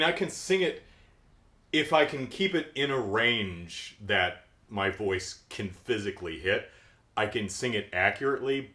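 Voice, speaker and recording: A middle-aged man with a deep voice, hosting a casual, keyed-up reaction commentary on a cartoon. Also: reverberant. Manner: animated, keyed-up, jumps into silly voices. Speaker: podcast host.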